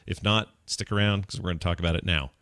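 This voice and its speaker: A man hosting a gaming podcast, joking with his co-hosts and rattling off show plugs quickly. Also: low voice, fairly even intonation, a bit bright, dry recording, clean studio sound. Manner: brisk and joking, reads out plugs fast. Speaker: podcast host. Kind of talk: casual podcast chat.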